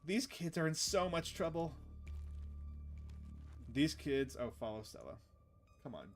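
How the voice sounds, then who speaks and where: Playful male streamer, slightly high voice, reads the game's lines aloud and jokes with chat, faint music behind. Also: big pitch swings, measured pace. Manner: playful, jokey asides to chat. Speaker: streamer reading a visual novel aloud. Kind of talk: casual let's-play narration with character reading.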